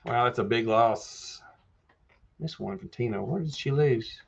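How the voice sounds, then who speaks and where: A man's voice: medium pitch, unhurried, creaky, husky, dull audio. A man hosting a casual live chat. He reads viewer comments aloud and answers them by name in a folksy way. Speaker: livestream host answering viewer questions.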